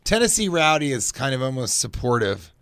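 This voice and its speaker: Man, comedian guest, animated storyteller, quoted voices, mid pitch, dry close studio sound. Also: a little fast, clear, resonant tone, no room sound. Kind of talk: casual radio interview. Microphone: studio microphone.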